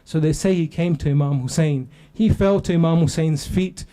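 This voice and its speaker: High-voiced man preaching with passion. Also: moderate pace, mellow. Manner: impassioned, building to a lamenting cry. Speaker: lecturer. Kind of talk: emotional religious sermon narration.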